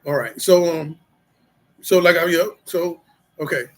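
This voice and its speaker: In a low-quality recording, a middle-aged vlogger speaks to camera about his recovery, going over his past and how he has changed. His voice sits on the high side and is a bit bright, and he keeps a measured pace while rambling casually with plenty of fillers and street slang.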